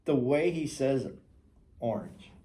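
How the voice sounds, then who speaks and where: A man co-hosting a podcast, speaking in a measured, reasoning way in casual discussion. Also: medium pitch, dark tone. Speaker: podcast co-host.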